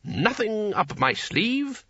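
A husky-voiced man playing a fat, jovial old male wizard who talks in a hearty, slow, indulgent way. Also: high-pitched, sing-song, bright, forceful tone, no room sound, pitched above the performer's own voice, full character voice. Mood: showy. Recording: dull lo-fi dry recording.

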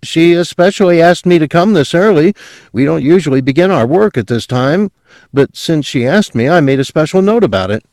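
A man voicing an eager, beaming young male insurance salesman who talks fast and pushes on. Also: on the high side, lively intonation, no room sound, studio quality, voice pushed up. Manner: bright, eager and pushy.

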